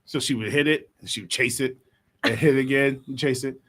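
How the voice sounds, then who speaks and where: A man's voice: mid-range voice, brisk, husky. A man chatting casually as a podcast co-host, telling a story about his daughter and acting out the voices with lots of laughter. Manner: animated storyteller, acts out quotes, laughs often. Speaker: father.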